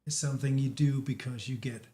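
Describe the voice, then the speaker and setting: A man from Denmark with a Danish accent, talking as a guest in a casual chat, halting with many restarts and fillers. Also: medium pitch, fairly even intonation, warm tone.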